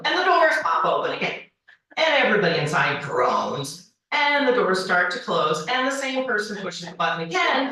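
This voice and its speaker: 40s woman doing a slow, bouncy storytelling speech at a banquet, bright voice, big echoey hall, mic kinda far. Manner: animated, acts out dialogue with high-pitched quoted voices. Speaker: banquet speaker. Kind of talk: humorous personal storytelling speech.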